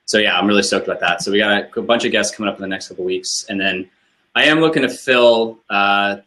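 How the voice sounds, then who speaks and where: A man co-hosting a relaxed roundtable chat, talking in a loose, rambling way full of ums and uhs. His voice sits a little low and sounds bright and forceful. He wanders between thoughts at an easygoing pace. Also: quick pace. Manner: laid-back, rambling with many fillers. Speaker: co-host. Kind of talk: casual chat.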